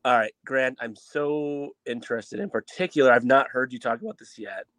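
A man's voice: medium pitch, normal speed, a bit bright, no echo. A man hosting a casual sports podcast, teasing his co-hosts and steering the questions. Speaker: podcast host.

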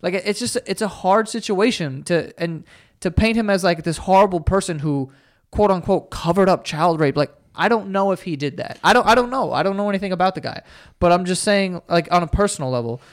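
Rambling, hesitant, higher-voiced man. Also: fairly quick. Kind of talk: casual sports talk.

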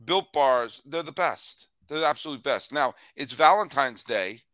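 A man's voice: mid-range voice, expressive, measured pace, fairly bright tone, no room sound. A man co-hosting a sports talk show, chatting casually and hamming up a sponsor read. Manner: jokey, hammy ad delivery. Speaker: podcast co-host.

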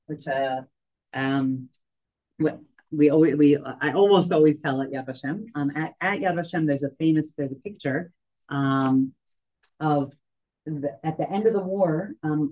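A woman telling a story to a group, halting and full of fillers and restarts, as a tour guide. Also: low-pitched, dark tone. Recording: dull lo-fi recording.

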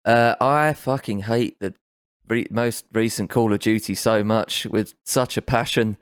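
A man in his thirties with a fairly low voice chats on a podcast, halting and repeating himself, cursing bluntly. His voice is close and dry. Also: steady tone, clear, resonant tone, no room sound. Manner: halting, stammering, blunt swearing. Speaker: podcast co-host. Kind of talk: casual chat.

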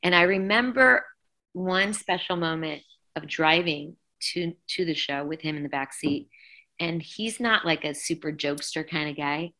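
A middle-aged woman, a singer appearing as an interview guest, has a low voice that keeps a bright, clear edge. Speaking at normal speed, she tells her story in an animated, emotional way, slipping into the voices of the people she quotes.

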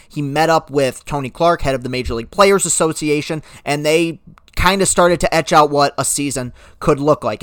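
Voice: medium pitch, a bit bright, dry recording. Fired-up solo sports podcaster, dry sound. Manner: impassioned, indignant ranting with rising outbursts; self-deprecating, perfectionist asides.

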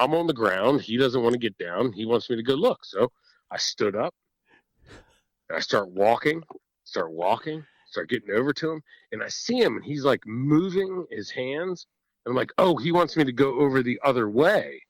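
A man telling a hunting story in a casual podcast chat, animated and swearing freely, often laughing. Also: medium pitch, moderate pace, dry recording, poor audio. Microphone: podcast microphone.

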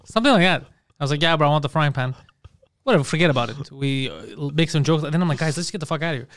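A man telling a party story in casual chat, profane and animated, acting out other people's lines. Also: fairly high pitch, racing, no room sound, studio quality.

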